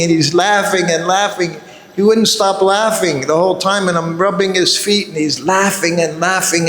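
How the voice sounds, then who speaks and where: A man's voice: fairly high pitch, fairly bright tone. A man in his seventies giving a religious class, telling a personal story and chuckling often. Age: 70s. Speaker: devotee giving a scripture class. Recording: echoey hall with long reverb.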